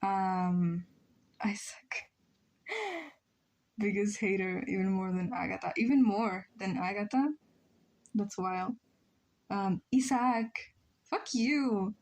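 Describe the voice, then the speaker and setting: A young woman whose first language is Spanish chats on a drawing stream at a slow, unhurried pace. She sits close to a desk mic at home, and her voice sits at a middle pitch. She jokes about herself and fills pauses with ums. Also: lively intonation, darkish tone. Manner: chatty, self-mocking, frequent ums and laughs. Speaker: livestreamer. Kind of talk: casual stream chat reading chat messages.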